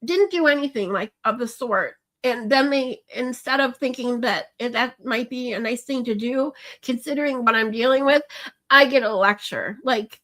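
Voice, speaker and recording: A woman chats with her livestream viewers while crying, venting in a rambling, emotional way. She keeps restarting her sentences and reaching for fillers. Her voice sits somewhat high for a woman. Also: normal speed, fairly bright tone. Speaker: livestream host. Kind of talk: casual chat with viewers.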